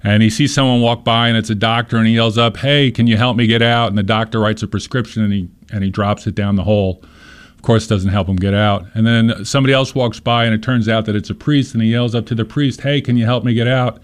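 Low-pitched man, interview guest, earnest and explanatory. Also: little pitch movement, fast talker, clear, resonant tone. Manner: earnest, explains with examples and stories. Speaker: nonprofit leader being interviewed. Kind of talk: conversational interview.

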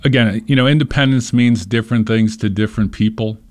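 A man's voice: on the low side, brisk, darkish tone. A man in an interview, earnestly explaining his organization's work with examples and short stories. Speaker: nonprofit leader being interviewed. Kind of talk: conversational interview.

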